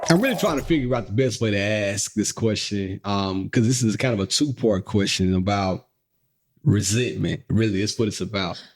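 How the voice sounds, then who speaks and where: A man's voice: fairly low pitch, normal speed, soft background music. A man co-hosting a podcast in casual chat, telling stories playfully, laughing often and speaking straight to listeners. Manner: playful, animated storytelling with frequent laughs; addresses listeners directly. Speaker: podcast co-host.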